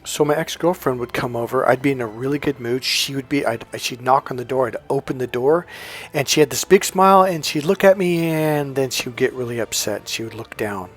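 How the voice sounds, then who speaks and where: A man coaching on self-help, telling a personal story in a casual, animated monologue, often restarting his sentences. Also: medium pitch, a little fast. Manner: animated storytelling, breaks into loud acted-out dialogue; frequent restarts and stumbles.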